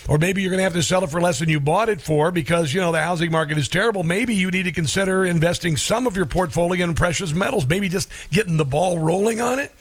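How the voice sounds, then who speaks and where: A male talk radio host with a fairly high voice and a folksy, joking manner. He reads an ad and then interviews a guest with emphasis and humor. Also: quick pace, few pauses, breathy edge.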